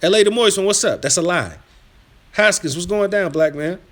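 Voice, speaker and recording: A man hosting a live stream, reading chat aloud and trash-talking viewers in a combative, rambling rant that drops to mutters and rises to yelling. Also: normal speed. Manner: swings from low muttering to loud yelling. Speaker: livestream host reading chat.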